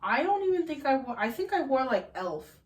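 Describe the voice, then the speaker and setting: A 21-year-old woman hosting a casual podcast, telling stories in an animated way and swearing freely. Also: high voice, a little fast, dull audio. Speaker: podcast host.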